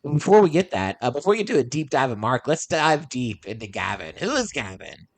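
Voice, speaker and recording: Relaxed male podcast host, dry close mic, easygoing, stops and restarts a lot. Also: mid-range voice, dry recording. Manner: easygoing, laughs along, halting restarts. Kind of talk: casual podcast chat.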